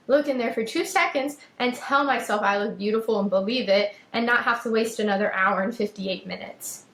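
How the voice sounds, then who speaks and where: Speaking straight to her audience, a young woman podcast host talks with emphasis about self-worth in a personal monologue, circling back to repeated phrases. Her mid-range voice has a slight brightness, heard through poor audio in an echoey room.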